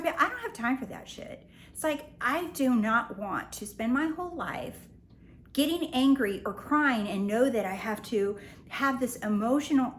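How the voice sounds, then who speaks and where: A woman, a spiritual life coach, talking casually to her viewers in a lively, slangy way and acting out the voices she quotes. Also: fairly high pitch. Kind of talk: casual talk to camera.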